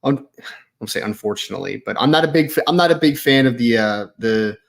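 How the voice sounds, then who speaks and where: A man's voice: mid-range voice, animated, quick pace, creaky. A man co-hosting a casual sports podcast, agreeing readily and repeating his points. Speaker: podcast co-host.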